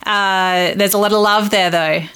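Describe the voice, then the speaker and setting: A woman's voice: mid-range voice, fairly even intonation, unhurried, a bit bright, smooth. A woman interviewer asking questions with enthusiastic, effusive praise.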